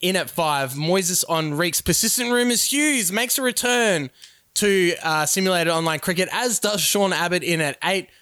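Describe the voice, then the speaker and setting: A man's voice: on the high side, bright, forceful tone, no echo, clean studio sound. A man doing mock sports commentary for a simulated cricket game in announcer cadence. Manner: announcer cadence, reading out lineups and sponsors. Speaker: play-by-play commentator.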